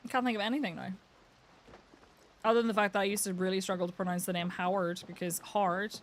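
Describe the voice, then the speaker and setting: A young woman from Northern Ireland chats casually while streaming a game, laughing often and swearing lightly in her Northern Irish accent. Her voice sits at medium pitch with fairly even intonation and a quick pace, and there's a little hiss or hum on the recording.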